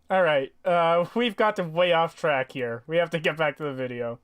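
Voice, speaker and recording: A man's voice: fairly high pitch, fairly bright tone, clean tone. A man hosting a livestreamed podcast in casual chat, reading donations and talking to chat in an easygoing way. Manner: slow, easygoing, reads donations.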